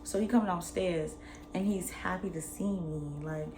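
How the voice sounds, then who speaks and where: Animated young woman. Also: fairly low pitch, unhurried, noisy background. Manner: animated, slangy retelling, acts out both sides. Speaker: vlogger. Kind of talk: casual storytime.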